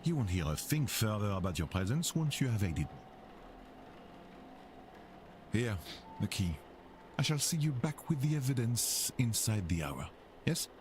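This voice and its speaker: A smooth, scheming French investigator who speaks in a measured, formal way with a French accent and a lowish voice. He sounds sure of himself and leans on courtesy to press others. The game audio carries a steady bed of ambient noise. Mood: coercive. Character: scheming male French investigator, blackmailing, self-assured. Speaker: game character.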